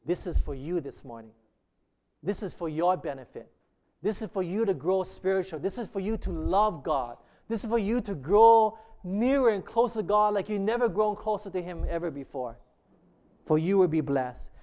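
High-voiced preacher man. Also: lively intonation, normal speed, darkish tone. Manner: emphatic preaching with rhetorical questions. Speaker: pastor. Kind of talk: sermon.

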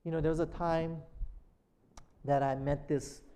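A man with a notably high voice preaches a sermon. He keeps checking in with his listeners in a call-and-response way. He slows and lifts his delivery when he reads a passage aloud. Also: level tone, mellow, a little hiss or hum. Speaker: pastor.

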